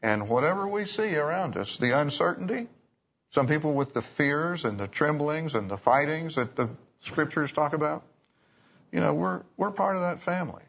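A man's voice: on the high side, expressive, normal speed, vocal fry, husky. A man preaching a sermon, telling stories in a folksy way with restarts and asides. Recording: dull lo-fi recording.

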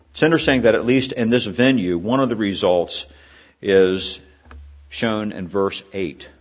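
A man's voice: lowish voice, slightly rough, lo-fi sound. A man preaching a sermon in a conversational way, asking the congregation questions and restarting phrases as he goes. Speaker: pastor.

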